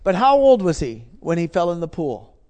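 A middle-aged man with a rather high voice preaches in an emphatic, storytelling way. He drives his points home by repeating himself. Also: big pitch swings, normal speed, a little mellow. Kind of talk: sermon testimony.

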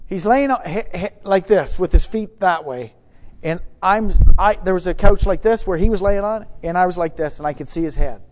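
A man preaching, telling a story with many restarts, swinging from hushed to loud. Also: high voice, moderate pace. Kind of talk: sermon storytelling.

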